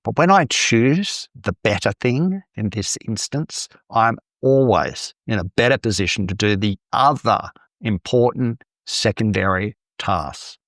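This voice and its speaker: A man's voice: fairly low pitch, lively intonation, unhurried, a bit bright, dry recording, clean studio sound. A man giving an online Bible teaching talk in a conversational, playful way, with acted-out asides.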